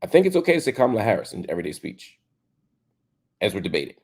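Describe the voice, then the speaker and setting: A low, gravelly man in his forties hosts a commentary show, his husky voice jumping all over in pitch. He argues with rhetorical questions, rising loud, then dropping soft and quiet. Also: big pitch swings, quick pace. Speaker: show host. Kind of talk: opinionated commentary monologue.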